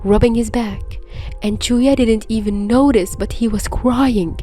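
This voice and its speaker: A woman narrating fan fiction as a podfic reader, soft and hushed, often dropping into whispers. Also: fairly high pitch, fairly even intonation, unhurried, faint music behind.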